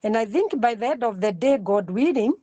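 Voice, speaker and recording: A woman's voice: on the high side, animated, fairly quick, warm tone, no echo. A middle-aged woman, giving a class lecture and often repeating her words as she explains.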